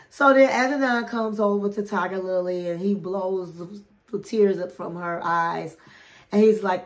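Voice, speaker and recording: A woman with a mid-pitched voice giving a chatty, gossipy recap of a reality show. She talks straight to her viewers, calling them honey and queens. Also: a little slow.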